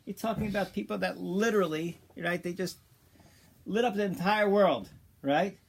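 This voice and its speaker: A Torah teacher with a high-sitting, gravelly voice leads an informal class over slight background noise. His storytelling is casual and halting, full of restarts and Hebrew and Yiddish words, and he gets more animated as his point takes shape.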